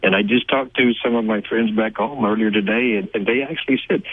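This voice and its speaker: A deep, husky older man with a Texan accent talks warmly and eagerly, laughing between his stories. His voice comes down a narrow, tinny phone line. The sound is dry and close. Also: fairly even intonation, fairly quick, dry recording. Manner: warm, laughing, enthusiastic storyteller. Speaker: guest actor. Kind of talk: phone interview, casual storytelling. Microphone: telephone.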